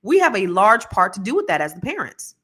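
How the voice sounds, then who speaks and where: A woman in her forties talking earnestly and reflectively on a podcast, telling animated stories about raising her kids. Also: medium pitch, a little fast, husky. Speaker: podcast co-host. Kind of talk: casual podcast conversation.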